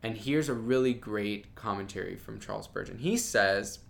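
A young man with a lowish, gravelly voice talks at normal speed about faith on his Bible study podcast. He's casual, passionate and bold, filling his casual devotional podcast talk with "like."

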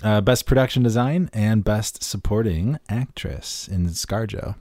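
A man co-hosts a casual movie podcast in a lowish voice. He cracks jokes and pokes fun at himself between facts he reads out. The sound is dry and close. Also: a little slow, darkish tone, no room sound. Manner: jokey, self-deprecating, reads facts aloud. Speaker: podcast co-host. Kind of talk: casual chat.

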